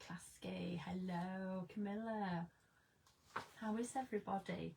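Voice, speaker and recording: A woman's voice: medium pitch, lively intonation, takes it slowly, slight background noise, poor audio. A woman chatting casually on a craft livestream from her studio, giggling and greeting viewers by name. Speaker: craft live streamer. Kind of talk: casual live-stream chat.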